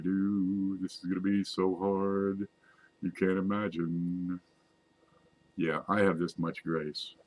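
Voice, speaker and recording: A man casually walking viewers through close-up coin images, chatty and self-mocking. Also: low voice. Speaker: coin collecting video host. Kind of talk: casual screen-share show-and-tell.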